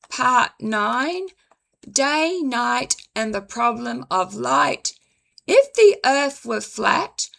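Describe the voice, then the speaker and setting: A woman reading a slow, measured commentary script, her voice dry and now and then stumbling over words. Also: high voice, vocal fry, pushed and bright. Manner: measured, deliberate, apologizes for stumbling. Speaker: commentary video host.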